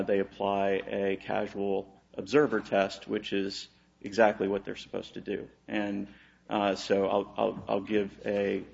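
A man's voice: on the low side, gravelly, lo-fi sound. A man from Texas, an attorney making an oral argument on appeal, hesitant with many fillers and restarts.

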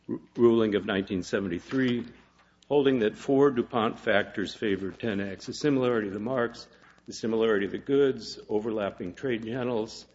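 A man presenting an oral argument in a courtroom as an appellate attorney, formal and measured with some hesitant fillers. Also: lowish voice, a little mellow. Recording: dull lo-fi courtroom audio.

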